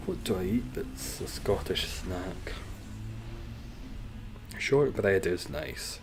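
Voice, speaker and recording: A man's voice: low voice, slight background noise. A man streaming a game live, chatting casually with viewers, reacting and swearing freely.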